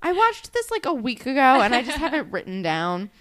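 Lively New Jersey woman recapping TV. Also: high voice. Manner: chatty, quick to laugh, acts out quotes. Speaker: podcast co-host. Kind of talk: casual recap chat. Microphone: desk microphone.

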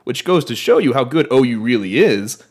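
A man's voice: mid-range voice, lively intonation, a little fast. A man from Oklahoma, a guest on a sports podcast, who tells stories and plays out scenes as he talks. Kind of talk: casual sports podcast chat.

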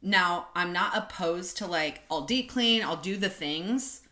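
A woman's voice: fairly low pitch, animated, unhurried, bright, forceful tone. A woman co-hosting a podcast in casual chat, talking with lots of fillers and laughing easily. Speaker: podcast co-host. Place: in person with co-host.

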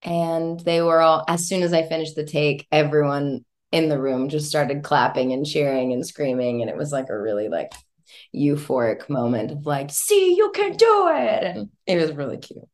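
A woman with a notably low speaking voice, chatting as a singer-songwriter guest in an interview. She talks in an expressive, easygoing way and laughs often between thoughts. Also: moderate pace. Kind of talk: casual interview chat.

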